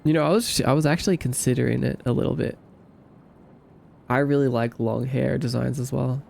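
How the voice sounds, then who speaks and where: A man's voice: medium pitch, steady tone, brisk, vocal fry, darkish tone, slight background noise. A young man with an Australian accent hosting a casual livestream, reading viewer comments aloud and answering them in a playful, easygoing way. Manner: playful and easygoing, answers chat with light joking.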